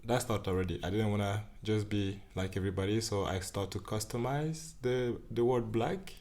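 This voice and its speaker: A man's voice: fairly low pitch, moderate pace, a little mellow. A man. He is a podcast guest, chatting casually and chuckling often, with loose, rambling phrasing. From Central African Republic. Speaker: podcast guest, dance organizer. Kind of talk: casual interview chat.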